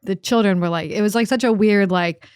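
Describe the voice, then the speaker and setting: A woman from Northern Ireland, a comedian guest, chatting fast and laughing often. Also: medium pitch, darkish tone, clean tone, dry recording, studio quality. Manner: fast-talking, giggly, upbeat storyteller. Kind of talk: casual chat.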